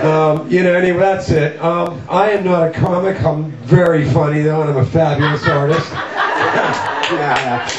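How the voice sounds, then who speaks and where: Middle-aged man from Canada, host of a loft comedy night: high-ish voice, profane and rambling, heard from a distance. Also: normal speed, crowd noise. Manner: rambling, profane, self-mocking bravado with many fillers. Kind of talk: stand-up style intro monologue. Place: loft art studio with live audience. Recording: distant, roomy, dull lo-fi camera audio.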